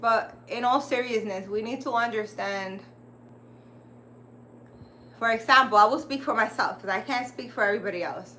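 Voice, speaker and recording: A woman's voice: fairly high pitch, moderate pace, pauses often, pushed and bright, a little hiss or hum. A woman hosting a casual livestream, rambling and chatty as she talks straight to her viewers. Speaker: livestream host.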